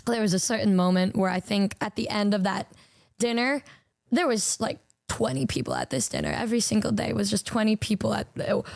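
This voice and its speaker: A young woman VTuber spins stories for her chat in a high, bright-toned voice, stumbling over restarts and swearing freely. The recording is close and dry, with no room sound. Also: gravelly, no echo. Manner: animated, swearing, stammering, quick restarts. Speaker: VTuber streamer. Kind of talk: casual storytelling to stream chat.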